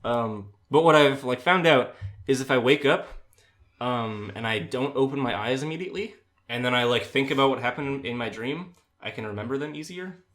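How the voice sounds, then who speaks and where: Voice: medium pitch, normal speed, a bit bright. A friend chatting casually about remembering dreams, giggly and full of fillers. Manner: giggly, teasing, lots of fillers. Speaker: friend in a group chat. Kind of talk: casual chat.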